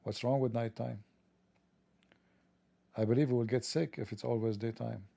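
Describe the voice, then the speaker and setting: A man with a gravelly, mellow voice talks through a satirical monologue in a mocking, sarcastic tone. The sound is dry and close, with no room around it. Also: medium pitch, steady tone, normal speed, dry recording.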